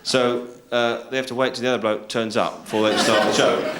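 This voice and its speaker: A man's voice: mid-range voice, level tone, a little fast. A man doing a stand-up routine on a theatre stage, telling a rambling joke and acting out its characters in raised voices. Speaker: stand-up comedian. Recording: echoey live theatre recording with noise.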